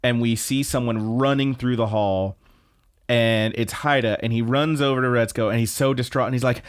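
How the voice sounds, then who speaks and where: A young man co-hosting a podcast, recapping an anime with excitement, frequent laughter, swearing and filler words. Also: medium pitch, moderate pace. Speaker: podcast co-host.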